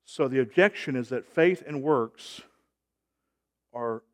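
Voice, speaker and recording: A man preaching a sermon, emphatic, with call-and-response and loud rising peaks. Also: mid-range voice, slow.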